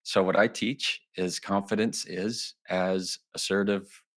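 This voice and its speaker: A lower-pitched man speaks as a guest on an interview podcast. He talks in a relaxed, conversational way and jumps into lively voices whenever he acts out what people say. His delivery stays animated and easygoing. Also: slow. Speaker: trial attorney and author, guest.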